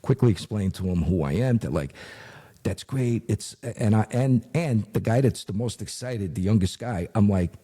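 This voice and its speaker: A retired investigator appearing as a guest, this middle-aged man has a low, dark, husky voice. He recounts a story from his working years casually and animatedly, with lots of fillers, acting out other people's lines. He keeps a moderate pace with hardly any pauses.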